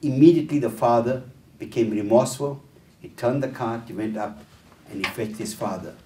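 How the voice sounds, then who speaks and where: A male trainer lectures through anecdotes, slipping into changed voices for the characters and pausing on fillers. He sounds set back from the microphone. His voice carries a roomy echo. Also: medium pitch, background noise. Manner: storyteller who acts out the dialogue in changed voices, with frequent fillers. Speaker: educational trainer giving a workshop talk. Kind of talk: lecture told through stories. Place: talk venue, roomy space. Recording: roomy echo, distant mic.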